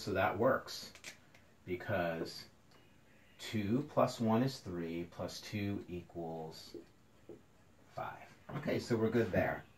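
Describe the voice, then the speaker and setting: A man with a deep voice teaches a classroom lesson, speaking slowly and patiently as he counts syllables out loud for his students. He moves around, so his voice sometimes drifts off the mic. There is faint room noise behind him. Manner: slow, counts syllables aloud, talks to students. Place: indoors, near a passing train.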